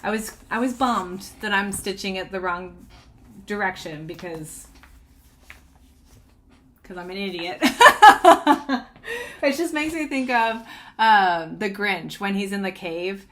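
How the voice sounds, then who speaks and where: A woman's voice: medium pitch, a little slow, long pauses, fairly bright tone. A woman chatting casually about her cross-stitch projects, bubbly and giggly, rambling with restarts. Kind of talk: casual chatty show-and-tell.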